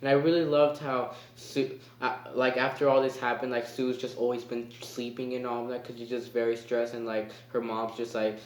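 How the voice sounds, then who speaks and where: Guy rambling through a movie review, lots of ums and likes, flat-ish voice, echoey room. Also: mid-range voice, moderate pace, hardly any pauses. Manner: rambling, hesitant, lots of fillers. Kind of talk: casual spoken review.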